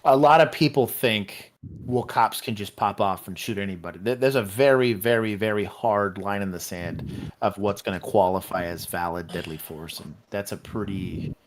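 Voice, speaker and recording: A man's voice: lowish voice, normal speed, slight background noise. A middle-aged man with a Texan accent, a former police officer co-hosting a livestream, talking casually and animatedly with restarts and laughter.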